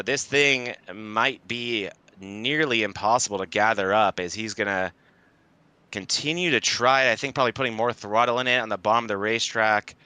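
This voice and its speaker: A man giving joking, excitable color commentary on a sim racing broadcast. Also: fairly low pitch, smooth.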